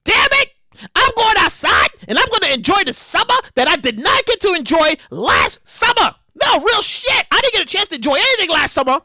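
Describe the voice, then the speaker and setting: A woman hosting a casual solo podcast, loud, profane and laughing often. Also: very high voice, sing-song, fairly quick, no room sound, studio quality. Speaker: podcast host.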